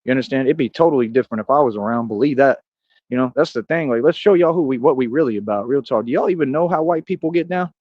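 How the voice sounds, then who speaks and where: A man's voice: medium pitch, quick pace, no echo, lo-fi sound. Boastful man ranting with street slang. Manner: coos softly at a cat. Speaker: streamer. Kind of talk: rambling livestream monologue.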